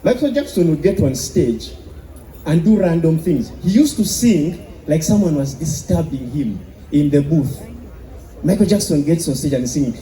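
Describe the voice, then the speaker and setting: Ugandan man, stand-up comedian, high lively voice, dark tone, echoey stage hall. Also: normal speed. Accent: Ugandan English. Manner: animated storytelling with sung bits.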